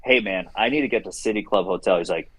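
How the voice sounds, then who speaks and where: Brief: man, fairly low voice, dry close recording, rambling animated storyteller who laughs often. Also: quick pace, breathy edge, dry recording, poor audio. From Tampa Bay. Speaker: radio show regular calling in. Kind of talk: casual storytelling.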